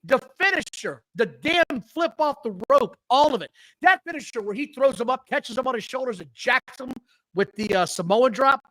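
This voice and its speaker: An extremely high-pitched man talks at normal speed on a rough recording with no room sound. He's a wrestling podcast co-host whose match stories come out blunt, profane, and full of energy in a casual setting.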